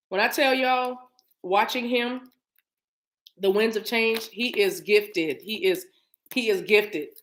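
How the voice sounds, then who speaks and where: Doing a spiritual card reading, a middle-aged woman speaks in an easy, talkative style at an ordinary pitch for a woman. She's lively and supportive, dramatizing scenes with hums and little noises.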